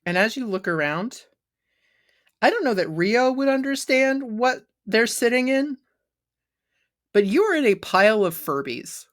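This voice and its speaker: Female game master, unhurried, easygoing narration for a tabletop game. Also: fairly high pitch, very animated.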